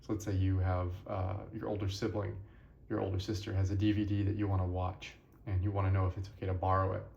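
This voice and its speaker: Tired young man with a gravelly voice. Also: sits low, completely flat delivery, fast talker, darkish tone, roomy sound, muffled recording, a little hiss or hum. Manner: tired, rambling, self-correcting. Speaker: language lesson host. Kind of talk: casual spoken lesson.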